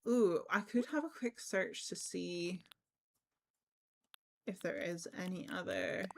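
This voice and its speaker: A woman's voice: on the low side, slow pace, vocal fry, slight background noise. A woman livestreaming a cozy game, chatting casually and thinking aloud with lots of ums. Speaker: livestreamer playing a life-sim game. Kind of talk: casual game-stream chat.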